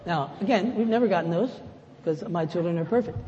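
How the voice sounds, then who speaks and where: A pastor giving a sermon in a conversational way, rising to loud emphatic lines and dropping to soft, low asides. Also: male voice, brisk, muffled recording, a little hiss or hum. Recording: echoey hall with faint ambience.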